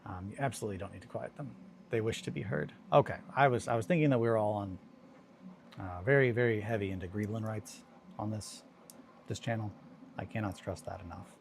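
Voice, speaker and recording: A man's voice: lowish voice, fairly quick, creaky, a little hiss or hum. A man chatting casually on a hobby live stream, rambling and joking while he mutters to himself over his work.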